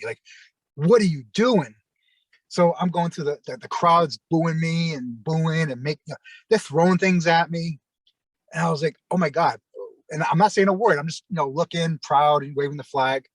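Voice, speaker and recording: With a fairly high pitch, a middle-aged man who used to wrestle professionally shares wandering anecdotes on a video call, voicing the people he quotes. There's no room sound, and the recording quality is rough.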